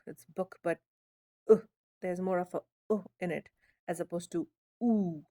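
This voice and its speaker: Lady doing a phonics lesson, really slow and patient, soft mellow tone, keeps saying okay?. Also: medium pitch. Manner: drawn-out demonstration sounds, frequent "okay?" checks. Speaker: phonics teacher.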